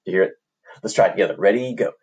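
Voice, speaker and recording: A man's voice: deep voice, racing, muffled recording, heavy background noise. A man teaching an online music lesson to children, upbeat and encouraging as he chants rhythm syllables, recorded on a computer microphone indoors.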